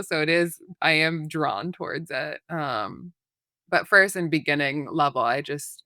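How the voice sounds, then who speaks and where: A woman's voice: deep voice, a bit bright, smooth, dry recording, studio quality. A woman therapist, a podcast guest, explaining in a rambling, casual way full of fillers and examples.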